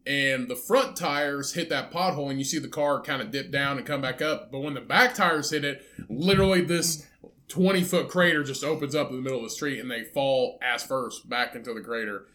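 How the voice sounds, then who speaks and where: A man's voice: medium pitch, a little fast, bright, forceful tone. A man co-hosting a podcast in casual chat. He is blunt and profane, and restarts sentences while he tells a story. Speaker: podcast co-host.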